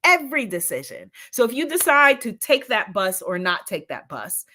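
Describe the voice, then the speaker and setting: Lively high-voiced inspirational woman host. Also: moderate pace. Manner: enthusiastic, laughing often, repeating affirmations. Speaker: spiritual host. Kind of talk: inspirational live-stream talk.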